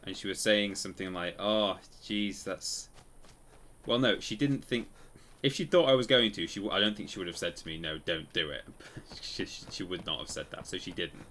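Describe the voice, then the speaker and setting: A man's voice: lowish voice, fast talker, fairly bright tone. A man casually commenting while he plays a game on a live stream, rambling and correcting himself as he tells stories. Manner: rambling, self-correcting storyteller.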